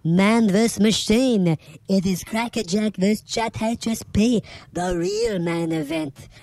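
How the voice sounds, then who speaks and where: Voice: mid-range voice, animated, takes it slowly, creaky, darkish tone, dry recording. A performer voicing a boastful AI robot wrestler, who talks in a brash wrestling-promo style. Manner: wrestling-promo bravado, keeps calling people brother. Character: boastful AI robot wrestler, pushy "brother" talker.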